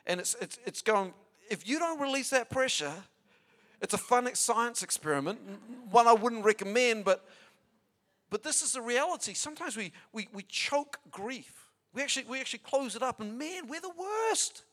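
Male pastor, high voice, chatty emphatic sermon delivery with repeats and asides. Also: expressive, moderate pace, fairly bright tone.

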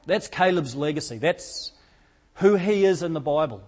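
A male pastor delivers a sermon in a casual, conversational way. His voice sits somewhat higher than most men's. He leans on rhetorical questions and often restarts a phrase mid-thought. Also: lively intonation, moderate pace, a little mellow.

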